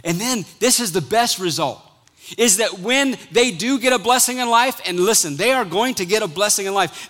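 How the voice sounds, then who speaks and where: A middle-aged male pastor preaches with a bright, slightly high voice. He is animated and acts out quotes, then drops suddenly quiet on key words. His tone has a forceful edge. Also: moderate pace. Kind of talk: sermon.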